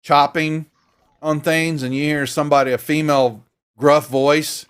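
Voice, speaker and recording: A man's voice: a little high, fairly even intonation, measured pace, clear, resonant tone. A man running a tabletop game as game master, describing scenes in a loose, rambling way. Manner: rambling, casual, many restarts.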